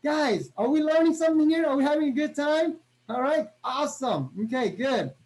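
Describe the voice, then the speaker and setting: A man's voice: very high-pitched, normal speed. Upbeat guy giving a pep talk on a video call, keeps asking "right?". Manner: energetic, punctuates every point with "right?". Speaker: motivational business trainer.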